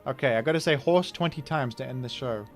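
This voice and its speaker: Talking fast at a medium pitch, a man hosts a live online game tournament and provides commentary over faint background music. His playful, excitable delivery shifts between loud hype and quiet thanks.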